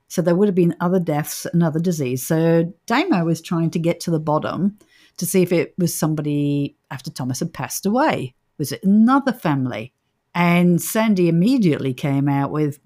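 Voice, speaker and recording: An Australian woman co-hosts a laid-back paranormal podcast, her low, slightly mellow voice carrying the story in chatty casual conversation. She laughs often as she tells it.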